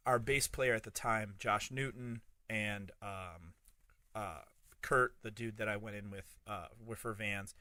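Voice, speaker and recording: A man in his thirties co-hosting a podcast, telling a long anecdote in a casual, profane and animated way. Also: lowish voice, measured pace, no room sound. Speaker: podcast co-host. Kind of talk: casual storytelling chat.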